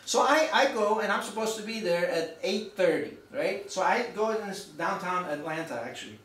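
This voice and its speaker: High-voiced man telling a story in an echoey room. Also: normal speed. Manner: animated, chatty, with audience asides and restarts. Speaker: author giving a book talk. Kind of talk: lively storytelling talk to an audience. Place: bookshop event room. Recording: very echoey room, mic far off.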